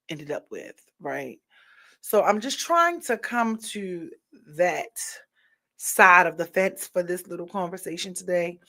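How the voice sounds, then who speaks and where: A woman talks straight to her audience in a loose, unscripted monologue. She is frank and opinionated, circling her point with fillers and restarts, and her voice sits at an ordinary middle pitch. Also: a bit bright. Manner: candid, rambling, opinionated, with many fillers. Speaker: vlogger.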